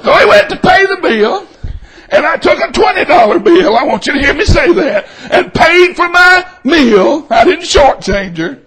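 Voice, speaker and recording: Preacher, middle-aged man; very high, sharp-toned voice, animated storytelling with loud peaks and soft drops. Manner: animated, shouting for emphasis then dropping to a hush. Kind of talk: storytelling sermon.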